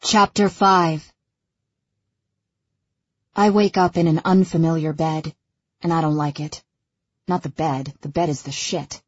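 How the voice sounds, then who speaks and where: A woman narrating a novel in the first person, with expressive, wry inner monologue. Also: sits low, unhurried, long pauses, husky, dry recording, muffled recording. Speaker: audiobook narrator.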